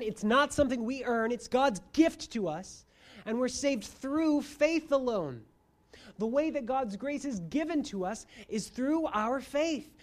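Dramatic preacher swinging quiet to loud. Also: sits high. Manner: dramatic, shifting between quiet asides and loud emphasis; addresses listeners as friends, asks rhetorical questions. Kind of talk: sermon.

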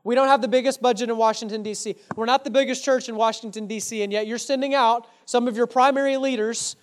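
A man's voice: very high voice, steady tone, quick pace. Man, pastor, sermon, earnest, emphatic, rhetorical questions, direct address to congregation. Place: church.

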